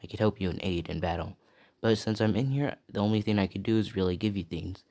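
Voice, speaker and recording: A friendly male spirit who lives in his partner's mind and explains things in a matter-of-fact way. A man with a deep voice reads him out. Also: quick pace, mellow, natural voice. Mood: explaining.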